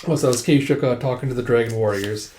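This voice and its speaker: A man's voice: mid-range voice, fast, a little mellow. A man casually reading a manga aloud, reacting as he goes, in an echoey room. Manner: chatty, reacting aloud as he reads. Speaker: manga read-along host. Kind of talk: casual manga read-along.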